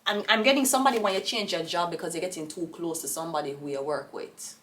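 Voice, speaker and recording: A woman's voice: on the low side, quick pace, distant mic. A Jamaican woman giving a casual tarot reading, rambling and blunt, with profane outbursts. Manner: rambling, blunt and profane, with sudden loud rants. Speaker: tarot reader.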